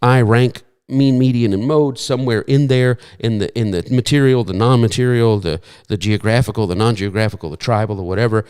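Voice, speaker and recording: A man's voice: medium pitch, a little fast, few pauses, a little mellow, clean tone. A man preaching a sermon as pastor, rambling through repeated words and fillers and acting out voices he quotes.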